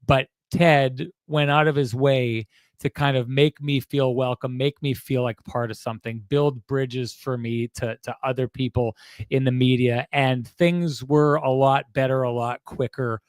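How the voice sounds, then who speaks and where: Man, thirties, podcast co-host, halting and earnest, dry close mic. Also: medium pitch, steady tone, clean tone, no room sound. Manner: halting, repeats words, earnest. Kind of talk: emotional tribute on a post-game show.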